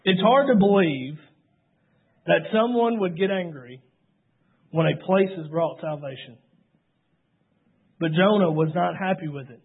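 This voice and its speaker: A man's voice: fairly high pitch, lively intonation, unhurried, pauses often, husky. A man preaching a sermon, retelling scripture in a storytelling way. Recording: tinny phone-like sound.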